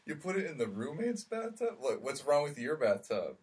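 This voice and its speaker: A man's voice: fairly high pitch, big pitch swings, normal speed, a little mellow. A man chatting casually, asking wry questions and commenting on a story. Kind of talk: casual banter.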